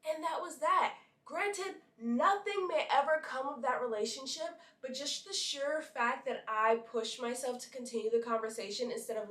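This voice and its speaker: A young woman from Brooklyn tells a story to her viewers in a chatty, animated way, dropping in likes and asides. Her voice sits a little high. She is a bit back from the mic in an echoey room. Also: far from the mic. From Brooklyn, New York. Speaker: model and vlogger. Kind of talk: casual storytelling to camera.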